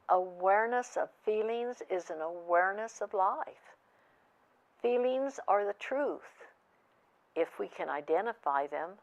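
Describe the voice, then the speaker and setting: A woman's voice: lowish voice, vocal fry, lo-fi sound. An older woman giving a storytelling lesson about feelings, in an earnest manner as a family counselor. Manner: slow, earnest, retelling with quoted dialogue.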